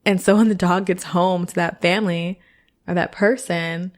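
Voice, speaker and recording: In a casual advice monologue, a female podcast host talks at a moderate pace in a lowish, steady voice. She is frank and chatty and repeatedly checks in with her listeners.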